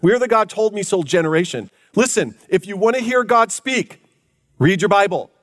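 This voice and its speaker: Male pastor with a high voice, emphatic preaching delivery that stretches words for weight. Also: expressive, fairly bright tone. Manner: emphatic, drawn-out preaching with big pitch swings. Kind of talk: sermon.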